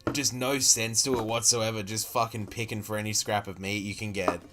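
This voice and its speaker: A man's voice: lowish voice, fairly even intonation, fairly quick, over music. A man with an Australian accent giving a profane, exasperated running commentary as a streamer reacting to a video. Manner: exasperated, sweary, incredulous.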